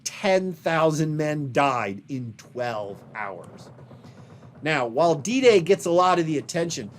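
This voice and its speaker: A man lecturing on history in a recorded video lesson, pointing out images on slides behind him and stressing key phrases slowly. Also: medium pitch, a little hiss or hum.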